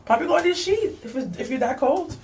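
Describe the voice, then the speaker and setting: A woman's voice: high-pitched, animated, fast talker, darkish tone, a little hiss or hum. Chatty young woman vlogging at home. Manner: chatty, rambling, talks to a child off camera and reads comments aloud. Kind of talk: casual vlog chatter while cleaning.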